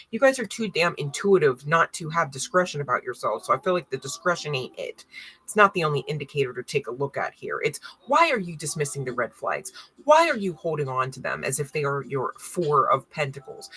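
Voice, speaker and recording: A woman's voice: on the low side, sharp tone, husky. A woman giving a casual tarot reading to an online audience, talking emphatically and asking many rhetorical questions. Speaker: tarot card reader.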